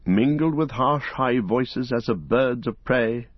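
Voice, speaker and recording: A man reading a story aloud as an audiobook narrator, in a measured, dramatic storytelling manner. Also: medium pitch, no echo. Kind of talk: scripted narration. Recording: dull lo-fi recording.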